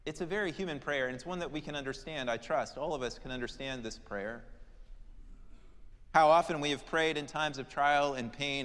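A man preaching a sermon, moving dramatically between emphatic declarations and hushed, prayerful lines. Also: fairly high pitch, moderate pace, in a large hall. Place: church.

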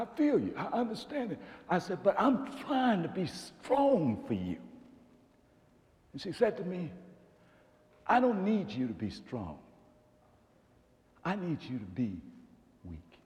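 A middle-aged man preaching a sermon in a large church hall, swinging between shouts and near-whispers. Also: medium pitch. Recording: long hall reverb.

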